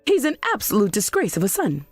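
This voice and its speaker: A woman voicing a self-righteous middle-aged mother in a scripted drama, shrill, demanding and defensive. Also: wildly swooping pitch, quick pace, no room sound, faint music behind. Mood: indignant.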